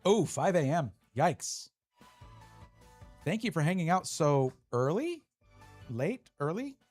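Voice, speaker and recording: A man's voice: on the high side, sing-song, takes it slowly, a little mellow, soft background music. A man live-streaming, chatting casually and reading out viewer messages as he opens card packs. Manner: chatty, reads chat aloud, restarts often.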